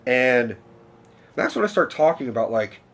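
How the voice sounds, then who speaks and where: A man telling a long personal story in a casual vlog rant, rambling and excitable, swearing often and restarting his sentences. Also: mid-range voice, moderate pace. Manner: rambling, excitable, profane, many fillers and restarts. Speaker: vlogger.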